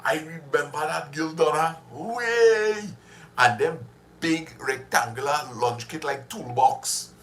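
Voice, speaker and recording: A man's voice: a little high, fairly even intonation, unhurried, a bit bright, slight background noise. A man hosting a casual livestream, chatty and reminiscing, laughing often as he talks with viewers. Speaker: livestream host.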